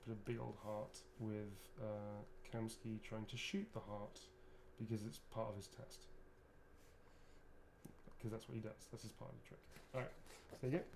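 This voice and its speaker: A man's voice: fairly low pitch, steady tone, normal speed, vocal fry, a little mellow, a little hiss or hum. A man, an actor, chatting casually and rambling through a livestream autograph signing, swearing freely as he goes.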